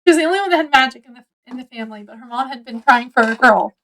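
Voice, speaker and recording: A woman's voice: sits high, expressive, rapid-fire, fairly bright tone, poor audio. A woman casually reviewing a book, rambling through the story with lots of likes and ums.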